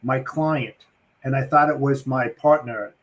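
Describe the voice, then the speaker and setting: Man telling a lively story. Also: mid-range voice, unhurried, low-quality recording. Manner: lively storyteller who acts out phone calls. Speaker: co-host. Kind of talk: casual morning show storytelling.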